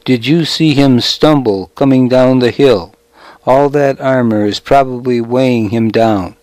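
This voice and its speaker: A man's voice: mid-range voice, unhurried, a little mellow, no room sound, close to an everyday voice. A man doing a whiny boastful young shepherd.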